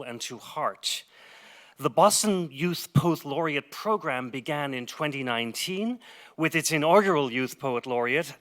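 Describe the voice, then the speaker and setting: A man's voice: mid-range voice, a bit bright. A man who is president of a library giving an upbeat formal welcome speech at a public event.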